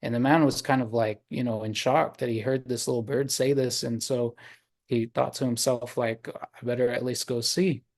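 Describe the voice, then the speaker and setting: A man telling a traditional story to an online audience, unhurried, with many pauses and fillers. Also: medium pitch, steady tone, darkish tone. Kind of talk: oral storytelling. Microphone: video call.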